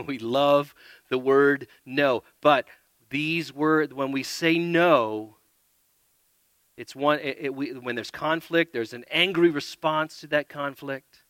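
Bright-voiced man preaching with earnest emphasis. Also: a little high, slow pace, clear, resonant tone, no room sound. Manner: earnest, swings from loud emphasis to quiet asides. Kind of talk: sermon.

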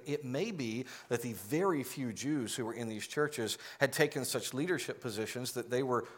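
A male pastor preaching a sermon in a conversational, explanatory way, asking the congregation to answer aloud. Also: mid-range voice.

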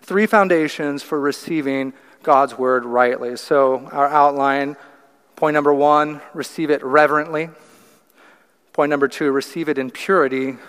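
A man's voice: fairly high pitch, fairly bright tone. Man preaching in a reverberant hall. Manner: earnest, explanatory, emphatic repetition. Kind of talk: sermon.

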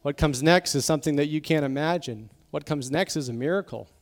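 Emotional pastor preaching casually. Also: male voice, on the high side, fairly quick. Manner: conversational preaching, acts out quoted voices; emotional, drops to soft intense tones. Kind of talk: sermon.

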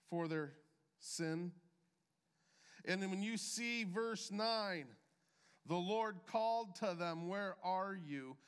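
A man preaching a sermon as a pastor, measured, with deliberate pauses and emphatic drops. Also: high-pitched, a bit bright, big-room sound. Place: church sanctuary.

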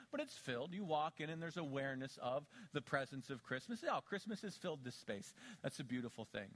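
Man preaching with dramatic loud-soft swings. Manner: dramatic swings from soft low asides to loud emphatic peaks. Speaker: pastor. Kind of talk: sermon.

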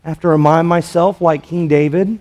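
A man preaching a sermon as pastor, in a measured way with rhetorical questions to the congregation. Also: a little high, fairly even intonation, darkish tone.

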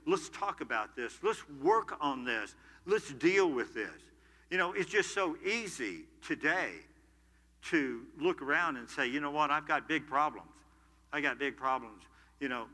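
Bright-voiced older preacher in a reverberant hall. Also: male voice, medium pitch. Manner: swings from loud preaching to quiet storytelling. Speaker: pastor. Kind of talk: sermon.

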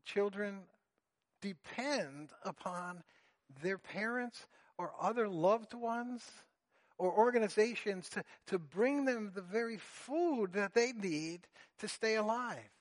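A man preaching a sermon, earnest and deliberate, explaining a Bible passage to his congregation. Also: sits high. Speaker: pastor.

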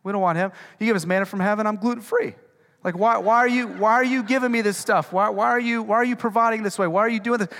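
A man's voice: sits high, steady tone, fast talker, fairly bright tone, pitched above the performer's own voice. A man voicing a whiny Israelite who complains petulantly, in the long reverb of a church hall.

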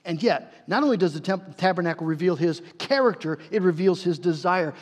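High-voiced man preaching in a hall. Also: a little fast, few pauses. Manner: earnest, emphatic preaching with repeated words. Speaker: pastor. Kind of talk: sermon.

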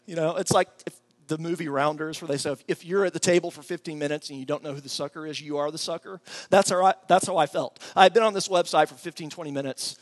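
A middle-aged man preaching a sermon, telling a story with animated, excitable energy and a soft, slow voice when he prays. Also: fairly high pitch. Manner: animated storytelling, acts out his own excited voice; prays softly and slowly. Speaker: pastor.

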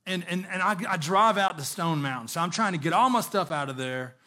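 A man preaching a sermon, telling a personal story in an animated way with chuckles, then slowing into earnest exhortation. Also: high-pitched. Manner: earnest, slowing on key words when exhorting.

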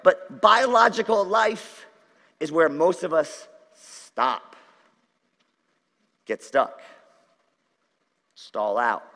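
A man's voice: fairly high pitch, sing-song, drawn-out words, gravelly, pauses often, pushed and bright. A male pastor giving a conversational, joking sermon to a congregation in a large church hall. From Dutch, Irish, Scottish and Jewish heritage. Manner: conversational, jokey preaching with audience asides. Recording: church hall with long reverb.

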